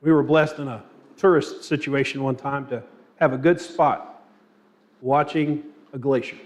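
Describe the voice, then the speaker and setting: A man's voice: medium pitch, fairly even intonation, a little slow. A man leading a church Bible class, asking the group questions and telling anecdotes with light humor. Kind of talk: interactive Bible class teaching.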